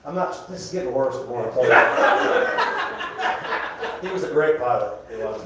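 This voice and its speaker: A man's voice: medium pitch, expressive, moderate pace, recorded from a distance, very noisy. A man with a Southern US accent doing a rambling stand-up comedy set, often laughing at his own jokes. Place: comedy club, indoors. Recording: echoey club room, live crowd.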